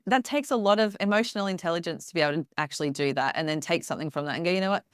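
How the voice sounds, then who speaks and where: A woman's voice: lowish voice, racing, smooth, dry recording, studio quality. A woman speaking as a podcast guest, thoughtful and reflective. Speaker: podcast guest, yoga practitioner. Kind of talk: conversational interview.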